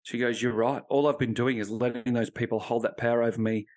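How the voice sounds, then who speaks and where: A man's voice: medium pitch, steady tone, a little fast, a little mellow. A man, a former police officer now a podcast guest, telling a personal story bluntly with lots of swearing and acted-out dialogue. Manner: blunt and profane, acting out remembered dialogue.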